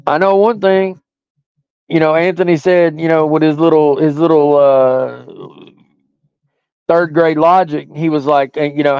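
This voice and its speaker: A man with a fairly high voice ranting to his stream audience, profane, mocking and combative. The sound is dry and close, with a slightly dull lo-fi quality. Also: fairly even intonation, unhurried, pauses often, clean tone, no echo. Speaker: stream host. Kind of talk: ranting monologue.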